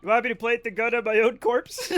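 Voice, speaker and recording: A man's voice: very high voice, fairly bright tone, low-quality recording. A man streaming a game, chatting casually, joking, swearing and often laughing. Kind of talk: casual livestream commentary.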